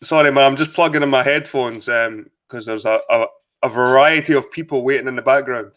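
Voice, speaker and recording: A man's voice: mid-range voice, fairly quick, fairly bright tone. A slightly tipsy Scottish man hosting a livestream, chatty, sweary and rambling in casual conversation. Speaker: livestream host. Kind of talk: casual chat.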